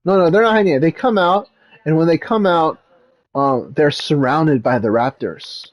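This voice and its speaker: A man's voice: on the high side, normal speed. A man talking casually as a dad vlogger, retelling a movie in a rambling way, full of fillers like "like" and "um.".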